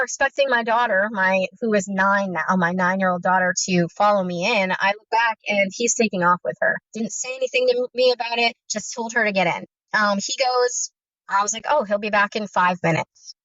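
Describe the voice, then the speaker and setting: A woman's voice: mid-range voice, fairly bright tone, no echo. A woman in her thirties telling her own story in an earnest, intense first-person account of fear, remembered in vivid detail. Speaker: guest sharing her story. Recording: dull, dry lo-fi audio.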